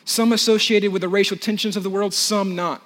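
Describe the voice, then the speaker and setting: A young adult man, a pastor preaching a sermon, who drops soft and slow on key words and builds with force in other passages. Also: high-pitched, steady tone, big-room sound.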